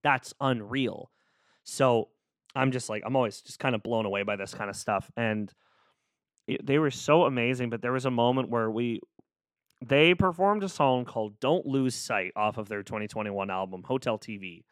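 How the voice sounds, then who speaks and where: A man with a clear, resonant, mid-range voice talks at a moderate pace, recorded dry and clean in a studio on a close mic. He hosts a solo podcast, chatting casually and cheering the listener on in a playful, upbeat way.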